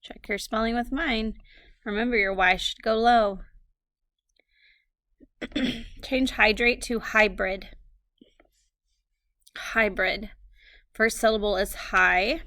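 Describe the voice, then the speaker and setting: Slow, gravelly-voiced woman dictating spelling. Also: mid-range voice, fairly even intonation, bright, forceful tone, no echo, studio quality. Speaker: teacher. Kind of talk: recorded phonics lesson, dictating words.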